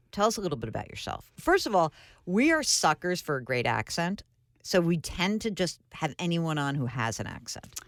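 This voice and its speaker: Lively low-voiced woman radio host. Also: no echo, clean studio sound. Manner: chatty and enthusiastic, with frequent fillers. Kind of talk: casual radio interview. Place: radio studio. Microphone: studio microphone.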